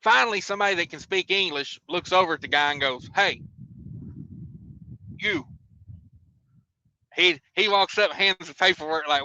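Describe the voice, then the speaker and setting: A man's voice: high-pitched, normal speed, long pauses, pushed and bright, dry recording, lo-fi sound. A man hosting a trucking livestream, reading viewer comments and rambling through stories, laughing as he goes. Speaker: trucker show host.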